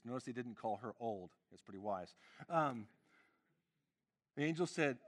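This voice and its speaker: A male pastor delivering a casual, conversational sermon. He is earnest and loose, with frequent fillers and a voice of ordinary pitch for a man. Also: lively intonation, unhurried, pauses often. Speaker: lead pastor.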